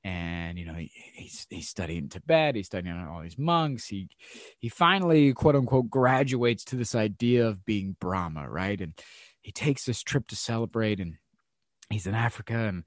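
A man's voice: lowish voice, lively intonation, moderate pace, no room sound, studio quality. A podcast host telling a story in a casual monologue, acting out quotes with lots of fillers and restarts, often laughing as he talks. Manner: laughs often while talking.

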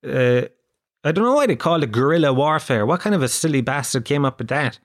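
Rambling, profane stand-up comedian. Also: male voice, on the high side, lively intonation, brisk. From Ireland. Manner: rambling, profane, self-deprecating.

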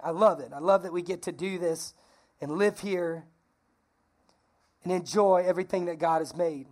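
A woman pastor preaching a lively, conversational sermon, calling on the congregation to repeat phrases. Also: fairly low pitch, normal speed. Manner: energetic, conversational, calls for congregation responses.

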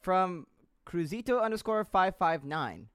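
A man hosting a podcast, reading viewers' chat messages aloud with quick asides. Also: sits high, lively intonation, fairly bright tone, smooth, dry recording, clean studio sound.

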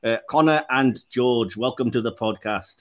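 A man hosting a film review podcast in casual chat, laughing often and filling pauses with "uh". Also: mid-range voice, muffled recording. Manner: laughs often, many filler "uh"s. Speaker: podcast host.

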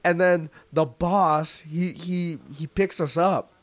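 A man's voice: on the high side, takes it slowly, no echo. A young man co-hosting a casual podcast, telling a story with lots of swearing and acting out what people said. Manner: animated storytelling, heavy swearing, acts out quotes. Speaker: podcast co-host. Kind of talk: casual chat.

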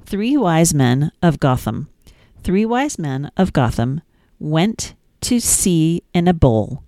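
Low, mellow woman reading nursery rhymes. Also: big pitch swings, takes it slowly, no room sound. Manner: sing-song, playful reading with asides. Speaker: children's podcast host.

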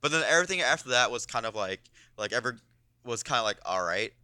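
A man's voice: mid-range voice, animated, fast talker, sharp tone, clear, resonant tone, no echo. A man co-hosting a casual podcast, joking around and giggling often. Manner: giggly, jokey. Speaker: podcast co-host. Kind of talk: casual chat.

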